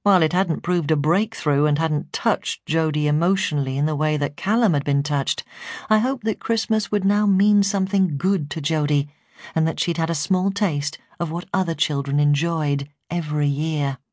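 Low-voiced woman reading a memoir. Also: dry recording, studio quality. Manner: steady, measured storytelling. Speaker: foster carer and memoir narrator. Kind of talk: audiobook memoir narration.

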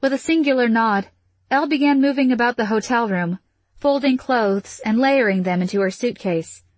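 A woman narrating a novel in a measured, even storytelling manner. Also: on the high side, dry recording. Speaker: audiobook narrator. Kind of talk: scripted fiction narration.

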